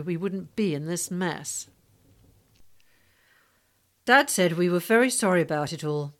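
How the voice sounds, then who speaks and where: A woman narrating a memoir-style story in a steady, storytelling manner. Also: on the low side. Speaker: audiobook narrator. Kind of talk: scripted narration.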